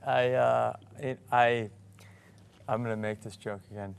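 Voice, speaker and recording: Man, mid pitch, gravelly fry, self-deprecating anecdote, panel chat. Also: steady tone, a little slow. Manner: self-deprecating, laughing storyteller. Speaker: actor on a cast panel. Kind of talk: casual anecdote telling.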